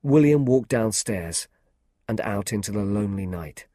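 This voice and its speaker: A man narrating a story for English learners in a slow, clear, scripted manner. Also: fairly low pitch, expressive, warm tone, no echo, clean studio sound.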